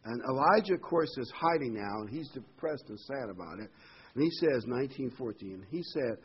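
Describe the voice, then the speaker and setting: A man teaching a Bible study, retelling scripture in a casual, animated way and often jumping up in pitch for emphasis. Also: brisk, husky, dull audio.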